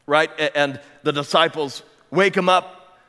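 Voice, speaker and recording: A man's voice: on the high side, measured pace, pushed and bright. Emphatic male pastor in a reverberant church. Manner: emphatic, building with repeated phrases and rhetorical questions. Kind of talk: sermon. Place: church sanctuary. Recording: long hall reverb.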